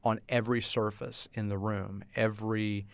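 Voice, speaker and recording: A man's voice: on the low side, moderate pace, gravelly, smooth, dry recording. A middle-aged man co-hosting a podcast, telling stories in casual chat and acting out the people he quotes. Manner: animated storyteller, acts out quoted people. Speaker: podcast co-host.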